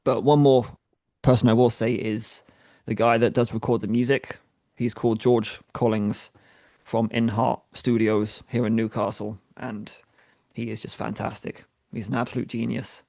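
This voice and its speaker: A man from England with a Norfolk accent, a rock musician chatting as a guest in a casual interview, friendly and quick to laugh. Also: medium pitch, level tone, gravelly, dark tone, no echo, studio quality. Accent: Norfolk English.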